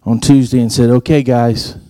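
A man's voice: fairly even intonation, normal speed, mellow, no room sound, studio quality. A man giving a sermon, telling stories and acting out the dialogue. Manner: storytelling, acts out quoted dialogue in a higher voice. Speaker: preacher.

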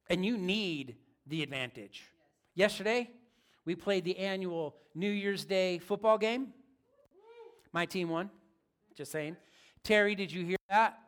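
A man's voice: on the high side, fairly bright tone. A man preaching a sermon as pastor, in a casual, joking, conversational way.

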